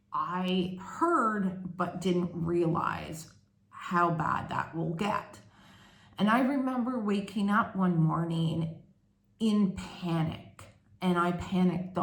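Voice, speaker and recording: A woman's voice: fairly low pitch, slow. A woman from Canada, telling her story candidly in a chatty, casual vlog. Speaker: vlogger. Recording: echoey room.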